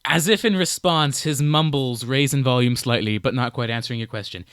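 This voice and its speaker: A young man narrating and explaining rules as game master of a tabletop game, relaxed and playful. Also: medium pitch, a little fast, clean tone, dry recording, studio quality.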